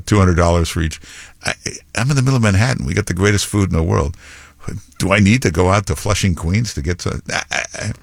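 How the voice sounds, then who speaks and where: A talk radio host with a very low male voice delivers blunt, scornful commentary full of rambling asides. The sound is dry and close, with no room around it. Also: creaky, no echo.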